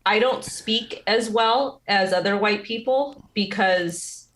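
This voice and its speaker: A woman co-hosting a casual chat, talking haltingly with many fillers and restarts. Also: mid-range voice, fairly bright tone. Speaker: co-host.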